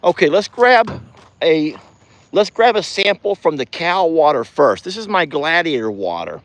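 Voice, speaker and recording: A man's voice: on the high side, sing-song, a little slow. A man with a Southern US accent, chatting folksily to viewers in a casual outdoor ranch vlog. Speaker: ranch vlogger. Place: outdoors on a farm pasture.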